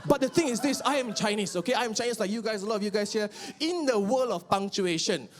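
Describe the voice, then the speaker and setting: A young Malaysian man with a Malaysian accent performing an animated stand-up comedy set on stage, shouting out punchlines. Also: high voice, fast talker. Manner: animated, switches into mimicked relatives and bursts of shouting. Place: live comedy venue with audience.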